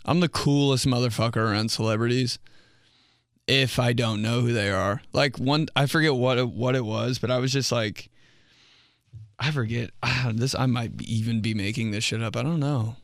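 A young male comedian rambles through a podcast monologue, cursing freely and mocking himself. He jumps into quick voices as he acts out his own lines. His voice sits at a middle pitch and sounds dry and close to the mic. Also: a bit bright, dry recording. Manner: rambling, profane, self-mocking, acts out quotes.

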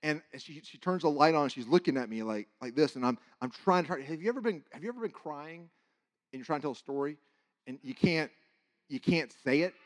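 A man preaching, telling a personal testimony in an animated, halting way, with many restarts and sudden drops to a hush. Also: fairly high pitch. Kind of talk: sermon testimony storytelling.

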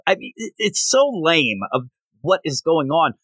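A man's voice: on the high side, very animated, measured pace, a bit bright, dry recording. A man hosting a comic book podcast, chatting casually and acting out characters' lines in silly voices. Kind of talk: casual chat.

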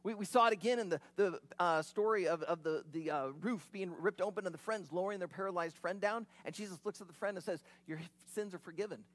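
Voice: mid-range voice, fast talker, few pauses. A preacher giving an expository sermon, retelling the scene in a vivid, conversational way with casual asides.

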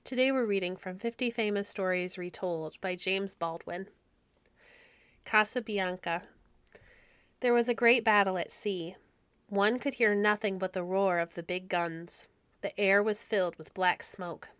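A woman hosting a storytelling podcast, reading classic stories aloud in a gentle, measured way. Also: medium pitch, clear, resonant tone, no echo. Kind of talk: storybook read-aloud narration.

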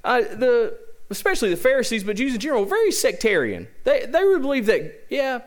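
A male pastor with a Southern US accent delivering a sermon. His voice sits high for a man and swings widely in pitch. He drives his points home with repeated rhetorical questions. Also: wildly swooping pitch. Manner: preaching with rhetorical questions and emphatic repetition; opens with a slow, hushed prayer.

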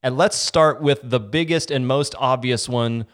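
Animated male podcast host. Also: mid-range voice, a little slow. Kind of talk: casual podcast chat.

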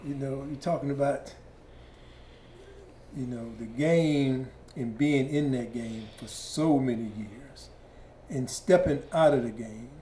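A man's voice: mid-range voice, slow, dark tone, slight background noise. A male podcast host asking hesitant, searching questions. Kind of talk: interview questions. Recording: roomy echo.

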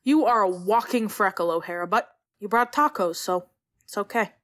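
A woman's voice: mid-range voice, moderate pace, a bit bright, natural voice. A woman voicing a teasing, breezy young woman.

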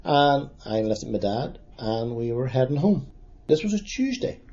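A man in his sixties with a Derry accent, recalling past events in a halting, plain-spoken way during an oral history interview. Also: mid-range voice, very animated, darkish tone. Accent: Northern Irish, Derry. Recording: dull lo-fi recording.

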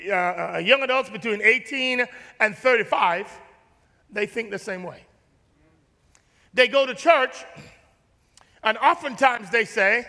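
A man from Jamaica preaching with a very high, bright, forceful voice that rings through the long reverb of a church sanctuary. He preaches in an animated, folksy way, repeating words and drawing answers from the congregation. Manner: casual, folksy phrasing. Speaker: pastor. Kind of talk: sermon. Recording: long reverb of a large hall.

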